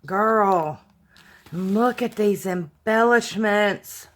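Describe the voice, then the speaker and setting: A woman's voice: mid-range voice, extremely slow. A middle-aged woman, chatting to her viewers in a casual vlog and gushing over fan mail. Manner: gushing, effusive, sighing with emotion. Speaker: crafting vlogger opening fan mail. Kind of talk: casual unboxing chat to viewers. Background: crinkling paper and packaging.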